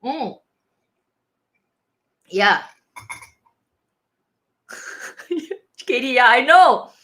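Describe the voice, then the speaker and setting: A woman hosting a casual live Q&A, chatting with viewers and reading their comments aloud. She is animated and laughs often, with frequent restarts. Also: high-pitched, very slow. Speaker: livestream host reading viewer chat.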